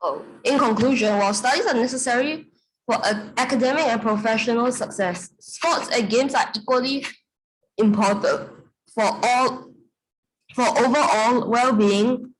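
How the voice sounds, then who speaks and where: A woman's voice: on the high side, moderate pace, rough recording. A woman student reading her essay aloud carefully in class.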